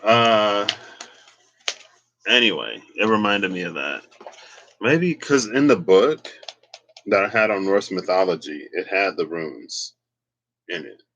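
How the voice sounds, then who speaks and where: A man's voice: sits low, lively intonation, slow, long pauses, fairly bright tone, lo-fi sound, a little hiss or hum. A man giving a casual solo tarot reading and rambling as he thinks aloud. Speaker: tarot reader.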